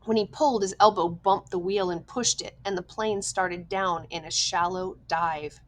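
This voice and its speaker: A woman reading a novel aloud as an audiobook, with measured, tense storytelling. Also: fairly low pitch, fairly even intonation, a little hiss or hum, poor audio. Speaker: audiobook reader. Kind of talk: scripted narration.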